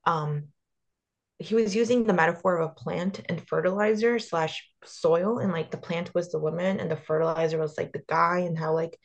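A woman's voice: lowish voice, steady tone, normal speed. A young woman from the US, co-hosting a podcast in casual chat, blunt and sarcastic and swearing freely. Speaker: podcast co-host.

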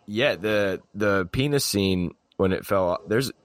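A man's voice: lowish voice, measured pace, no room sound. A man talking about a movie in casual chat, rambling with many fillers and laughing often.

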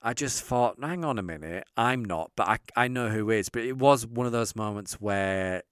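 A man's voice: lowish voice, moderate pace, fairly bright tone, clear, resonant tone, no room sound, studio quality. A man telling a candid story in casual chat, acting out the dialogue of the people in it. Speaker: guest storyteller.

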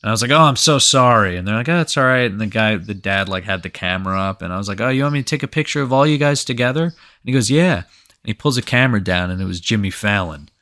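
A man's voice: lowish voice, rapid-fire, a bit bright. A man co-hosting a podcast. He tells a story in a rambling, casual way, full of "like" and freely swearing. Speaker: podcast co-host.

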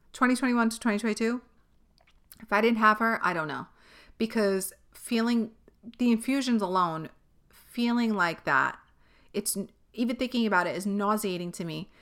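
A woman's voice: mid-range voice, sharp tone. A young woman hosting a podcast, talking candidly and at length in a rambling, casual way, with frequent swearing. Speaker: podcast host. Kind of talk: personal monologue.

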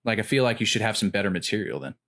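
A man chatting casually about comedy, rambling with lots of filler words and getting animated when he retells jokes. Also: fairly low pitch, very fast. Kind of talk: casual chat.

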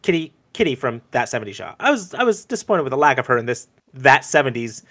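A man co-hosting a podcast in casual chat, excitedly rambling and acting out scenes. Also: mid-range voice, fast talker. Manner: excited, rambling, acts out scenes in quoted voices. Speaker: podcast co-host.

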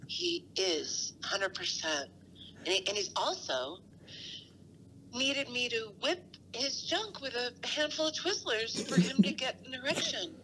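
A woman's voice: a little high, sing-song, measured pace, pushed and bright, a little hiss or hum. A woman on a comedic phone call, soothing but blunt. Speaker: friend on the phone.

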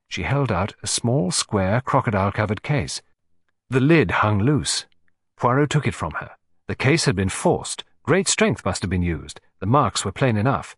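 Man narrating an audiobook, lively intonation, dry close recording. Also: on the low side, moderate pace, husky, no room sound. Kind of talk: scripted narration.

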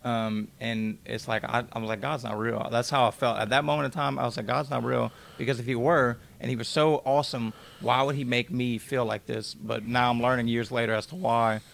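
A man's voice: medium pitch, fairly even intonation, brisk, gravelly, hardly any pauses, fairly bright tone. A man in his twenties, a podcast guest, candidly recounting a hard time in blunt, emotional, casual speech with some swearing. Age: 20s. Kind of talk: candid interview storytelling.

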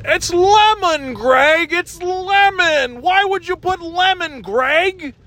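Whiny, fussy grown man in a high, slow scolding whine, as a man puts him on; comic impression. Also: pushed and bright, full character voice. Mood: exasperated. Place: in a car.

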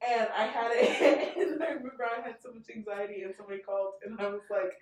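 A woman's voice: a little high, little pitch movement, fast talker, a little mellow. A young woman who owns a small business, chatting casually, teasing and breaking into laughter. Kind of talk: casual chat. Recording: very echoey, mic far off.

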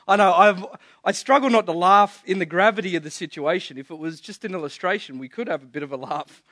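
Man preaching, higher-pitched, earnest, stumbles and repeats words, dry close sound. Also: brisk, a bit bright, dry recording. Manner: earnest storytelling, stammering restarts. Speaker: pastor. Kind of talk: sermon.

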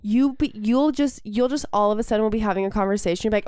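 A woman's voice: mid-range voice, quick pace, warm tone, dry recording, clean studio sound. A woman co-hosting a podcast in casual chat, rambling and laughing easily. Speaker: podcast co-host.

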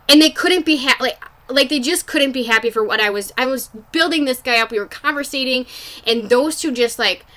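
A woman's voice: high voice, pushed and bright. A young adult woman hosting a podcast, telling a personal story in a candid, casual way, swearing freely and filling with "like". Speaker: podcast host.

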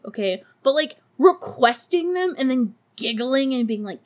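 A woman's voice: on the high side, sing-song, normal speed, few pauses. A woman hosting a podcast, recapping a movie in casual chat with sarcastic, profane asides and frequent laughter. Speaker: podcast host.

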